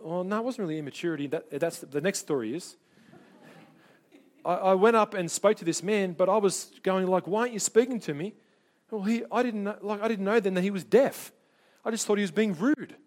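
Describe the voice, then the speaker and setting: A middle-aged man preaching a sermon, telling personal stories in an animated way and briefly doing voices for the people in them. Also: sits high. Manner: animated storyteller, doing quick voices for people in his anecdotes.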